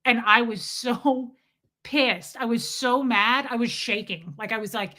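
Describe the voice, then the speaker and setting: Bright animated woman telling a story. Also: on the high side, a little slow. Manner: animated, profane storytelling, mimics people. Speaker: livestream host. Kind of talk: casual livestream storytelling.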